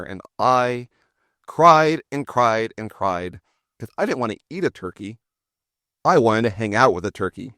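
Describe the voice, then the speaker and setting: Smooth and fairly low, this man's voice comes through a dry, clean studio recording. He's a forties-aged podcast host spinning casual stories, full of banter and jokes at his own expense.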